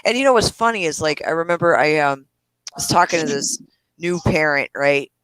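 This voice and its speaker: A middle-aged parent on a live stream co-host chat, telling family stories in a relaxed way and swearing freely. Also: mid-range voice, normal speed, clean tone, no echo, rough recording. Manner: laid-back storyteller, swears freely. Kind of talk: casual chat.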